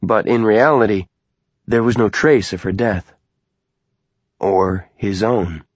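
Low, somber male audiobook narrator. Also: slow, breathy edge, no echo, highs cut off.

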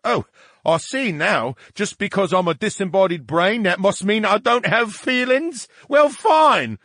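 In a story reading, a man voices a touchy, petulant, sulky male disembodied brain as a full character voice pitched above his own. The delivery is high and fairly bright, with lively intonation and a measured pace. The sound is studio quality, with no room sound.

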